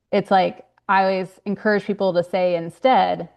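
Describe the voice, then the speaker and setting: A woman's voice: medium pitch, fairly even intonation, moderate pace, a little mellow. A young woman, a grief consultant and author, talking earnestly in a podcast interview with frequent fillers and restarts. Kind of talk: podcast interview, casual conversation.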